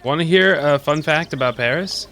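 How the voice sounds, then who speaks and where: A man's voice: a little high, moderate pace, pushed and bright. Joking man commenting on gameplay. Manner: joking, curious, often laughing. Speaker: streamer.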